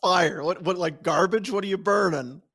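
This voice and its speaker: A man with a slightly high voice hosts a studio podcast. He fires off prodding, joking questions in a loose, casual chat. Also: normal speed, a bit bright, slightly rough. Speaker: podcast host.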